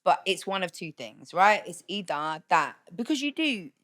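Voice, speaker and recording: A woman in relaxed podcast conversation, blunt and candid, with profanity slipping in easily. Her voice sits a little low. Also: normal speed. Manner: blunt, candid, swears freely. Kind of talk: casual podcast chat.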